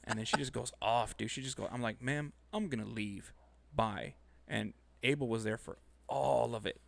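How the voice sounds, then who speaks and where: A man co-hosting a casual chat show, telling a work story in an animated, profane way. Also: mid-range voice, brisk, gravelly, dry recording. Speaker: podcast co-host.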